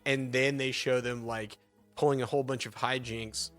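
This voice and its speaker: A man in casual podcast chat about films, spinning loose, rambling hypothetical stories. His voice sits at an ordinary middle pitch. Faint music plays behind him. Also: moderate pace. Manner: rambling, animated storytelling with laughs. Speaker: podcast co-host. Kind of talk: casual movie review chat.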